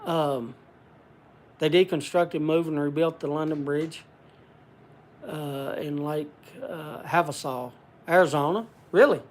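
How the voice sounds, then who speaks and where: A man's voice: on the high side, slow, pauses often. Folksy older man rambling on a livestream. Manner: rambling, reads viewer comments aloud and answers them; folksy country way of talking. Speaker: livestream host. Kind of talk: casual livestream chat.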